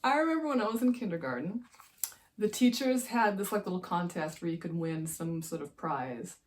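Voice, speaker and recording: A woman's voice: on the low side, animated, normal speed. A woman who writes romance, chatting casually and enthusiastically about books she loved, wandering into side stories. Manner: gushing, digressive, enthusiastic. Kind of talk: casual book-review chat.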